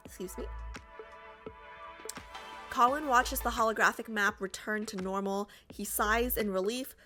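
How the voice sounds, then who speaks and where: Bright-voiced woman reading a game story. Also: mid-range voice, a little slow, faint music behind. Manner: chatty, jokey asides. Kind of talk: casual story reading with asides.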